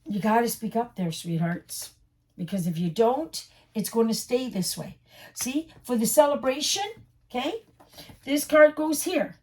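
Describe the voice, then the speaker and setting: A woman's voice: a little high, animated, unhurried, darkish tone. A woman giving a casual tarot reading straight to the viewer, reassuring and repeating her points. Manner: reassuring, repetitive, addresses viewer directly. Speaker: tarot reader.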